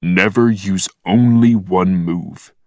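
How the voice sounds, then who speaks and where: A man's voice: low-pitched, takes it slowly, dry recording, clean studio sound. A man voicing a stern male martial arts teacher giving curt orders. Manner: curt, commanding.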